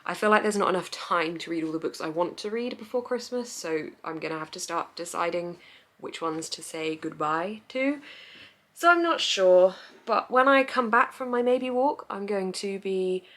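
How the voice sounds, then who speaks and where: A woman's voice: mid-range voice, expressive, moderate pace, a bit bright. A young woman chatting casually on her reading vlog, rambling, giggly and easily sidetracked. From England. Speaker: book vlogger.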